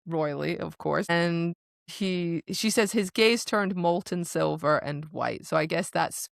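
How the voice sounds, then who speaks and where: Woman, podcast co-host, casual book chat, husky fry, dry close sound. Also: lowish voice, unhurried, dry recording. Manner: animated, acts out characters' lines with swearing and laughter.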